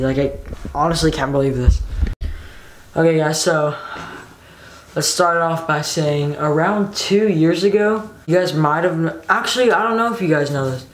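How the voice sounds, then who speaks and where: A young man chatting casually and excitedly for his vlog, rambling with lots of "like". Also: fairly high pitch. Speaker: vlogger. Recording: background noise.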